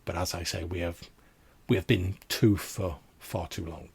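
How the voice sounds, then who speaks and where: Man doing a old vampire crone, very deep, husky, flat, formal, halting. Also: heavily acted. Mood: courteous. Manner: formal, courteous, halting with repeated words.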